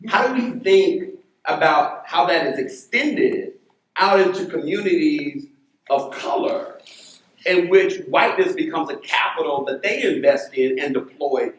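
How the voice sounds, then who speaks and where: A man moderating a university panel, telling family stories in an animated way before putting a question to a panelist. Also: on the high side, measured pace, reverberant, low-quality recording. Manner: animated, acts out quoted voices. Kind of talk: storytelling then posing a question. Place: lecture hall.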